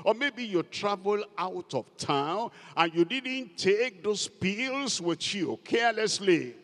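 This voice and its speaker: A man's voice: sits high, animated, takes it slowly, a bit bright. A man preaching a sermon as pastor, emphatic and repeating key words for stress. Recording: long hall reverb.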